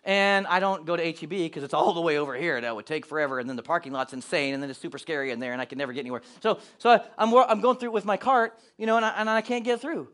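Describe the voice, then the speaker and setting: Pastor, male, high-pitched, animated sermon delivery with acted-out asides. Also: very fast, hardly any pauses.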